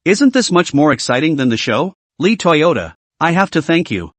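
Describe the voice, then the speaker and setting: Guy reading as a cruel gang boss, mocking, lively up and down, dry sound. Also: fairly high pitch, moderate pace, no echo. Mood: sneering. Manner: taunting, mocking. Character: smug cruel male gang boss, sneering.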